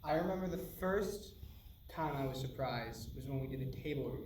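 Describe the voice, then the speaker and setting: A man's voice: medium pitch, moderate pace, darkish tone, a little hiss or hum. A man on a panel, animatedly telling stories and laughing often at a Q&A. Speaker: actor on a panel. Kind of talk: animated storytelling at a Q&A. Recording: echoey hall from far off.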